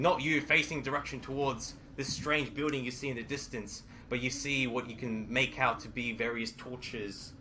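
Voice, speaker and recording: A man narrating dramatically as game master of a tabletop role-playing game, halting now and then with fillers. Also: mid-range voice, bright, forceful tone, a little hiss or hum.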